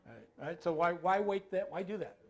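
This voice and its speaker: Middle-aged guy giving a casual talk, keeps asking the crowd "right?", voice on the higher side. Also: lively intonation, fast talker. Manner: conversational, keeps checking in with the audience, tacks on filler phrases. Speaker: dementia care trainer. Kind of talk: talk to an audience.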